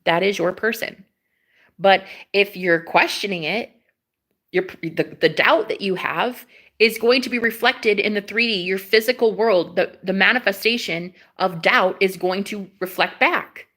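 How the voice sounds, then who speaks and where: In a casual vlog rant, a young woman with a mid-range voice coaches her viewers on twin flames. She speaks with sassy conviction, scatters profanity throughout, and breaks up the lecture with loud laughs.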